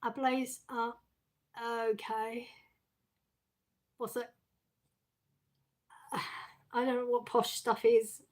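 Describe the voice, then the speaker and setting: A woman's voice: on the high side, flat delivery, drawn-out words, pauses often, a little mellow. A middle-aged woman hosting a casual live stream, chatting with her viewers, reading out their messages and laughing often. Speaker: livestream host reading chat. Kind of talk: casual chat.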